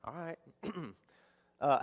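A man's voice: on the high side, in a large hall. A male pastor preaching a conversational sermon, asking the congregation rhetorical questions.

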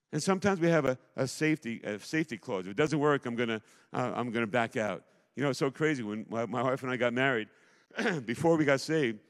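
A middle-aged man preaching a sermon as pastor, emphatic, swinging between loud declarations and hushed asides. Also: mid-range voice. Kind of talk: impassioned sermon. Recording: long hall reverb.

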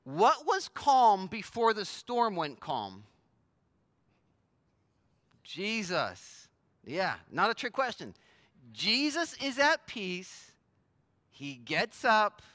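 A man preaching with a high, bright voice, speaking close to a dry microphone. He keeps a casual, conversational tone but presses hard on his main points. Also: no room sound. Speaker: pastor. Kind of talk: sermon.

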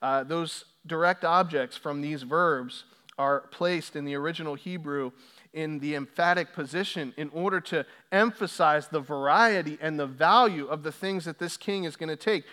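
High-voiced man preaching a sermon. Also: moderate pace, sharp tone. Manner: preaching with rising intensity on quoted scripture. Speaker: pastor. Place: church sanctuary.

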